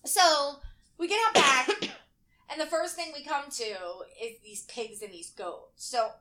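Bright, animated woman telling stories. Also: high-pitched, takes it slowly. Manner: animated, laughing, swears freely, squeals at animals. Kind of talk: casual chat, storytelling.

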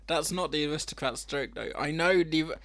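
A man bantering playfully, telling silly jokes and teasing his co-host. His voice is a little high with a gravelly, creaky edge. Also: moderate pace, a bit bright. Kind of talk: casual comedy banter.

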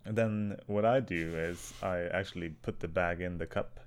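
A young Swedish man co-hosting a podcast in casual chat, deadpan and often swearing. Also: sits low, moderate pace. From Sweden. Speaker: podcast co-host.

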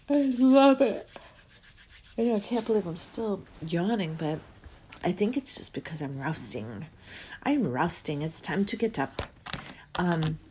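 A woman's voice: sits low, a little hiss or hum. A middle-aged woman hosting a spiritual podcast, musing dreamily and yawning as she talks. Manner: dreamy, musing, with frequent yawns and soft trailing words. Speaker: podcast host.

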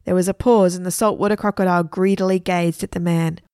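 A woman storyteller reading a children's adventure story aloud with lively expression. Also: fairly low pitch, quick pace, no room sound, studio quality.

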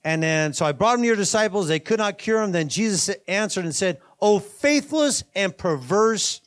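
A man with a notably high voice delivers a sermon. He slips between casual asides and emphatic, driving preaching. He sounds middle-aged. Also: lively intonation, moderate pace, fairly bright tone. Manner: conversational preaching, rising to emphatic bursts, asides and laughs. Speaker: pastor.

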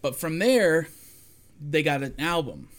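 A man's voice: on the high side, animated, measured pace, fairly bright tone. A man in his forties co-hosting a casual chat, rambling through a story with plenty of fillers and restarts. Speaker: podcast co-host.

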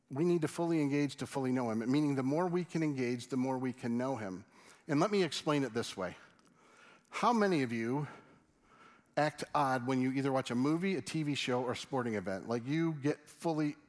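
A middle-aged man preaching a sermon, swinging between loud excited stories and hushed, earnest appeals. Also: mid-range voice. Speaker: pastor.

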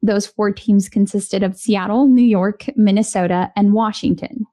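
A woman co-hosting a casual sports talk show, chatty and quick to laugh. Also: mid-range voice, steady tone, dark tone. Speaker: co-host.

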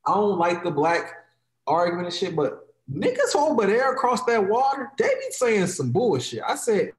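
A man's voice: high voice, big pitch swings, normal speed, roomy sound. A man in heated, profane podcast talk, mocking others in quoted voices.

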